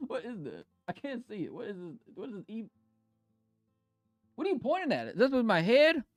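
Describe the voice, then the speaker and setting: Male streamer, playful and slangy, lively pitch, faint music bed. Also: moderate pace, no echo. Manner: playful, slangy, laughs a lot, shifts pitch often. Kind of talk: casual livestream chat, reading chat messages.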